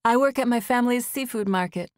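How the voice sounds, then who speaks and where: A nervous thirty-something woman, as the narrator puts her on, talks in a breathless, flustered rush, voice lifted higher than the narration. She rambles and stumbles over herself in an audiobook scene. The sound is close and dry. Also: fast, a little mellow, dry recording, natural voice. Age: 30s. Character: nervous excited young woman on a phone call. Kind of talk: audiobook dialogue.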